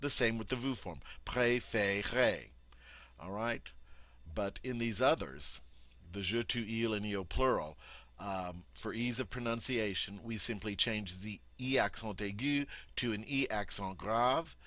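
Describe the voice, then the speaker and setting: A man's voice: on the low side, a little slow, pushed and bright. A man, a teacher, patiently explaining a French grammar point in a methodical classroom style. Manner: patient, methodical, with many ums and rhetorical checks.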